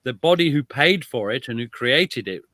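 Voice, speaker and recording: A British man, a guest author and historian, telling history in a lively conversational way with self-deprecating asides. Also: medium pitch, normal speed, no echo. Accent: British English. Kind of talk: animated conversational storytelling.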